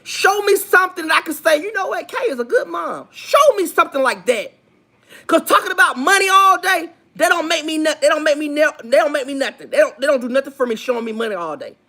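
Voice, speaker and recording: A woman speaking on a gossip livestream with a noticeably high voice. She lectures her viewers in a preachy, insistent way and circles back to repeat each point for emphasis. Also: lively intonation, quick pace, pushed and bright. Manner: preachy, repetitive, emphatic, asks for amens. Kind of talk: livestream commentary.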